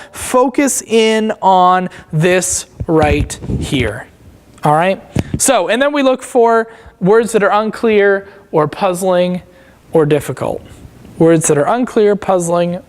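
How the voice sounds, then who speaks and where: Church teacher, casual Bible study talk, mid-pitched voice, frequent check-ins, long church-hall reverb. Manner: casual, checks in often with "all right?". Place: church auditorium.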